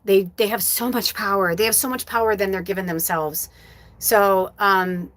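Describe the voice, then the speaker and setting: A woman's voice: mid-range voice, fairly even intonation, moderate pace, a bit bright, dry recording. A woman hosting a live stream as a psychic medium, talking candidly and emotionally and swearing often. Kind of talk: casual emotional livestream talk.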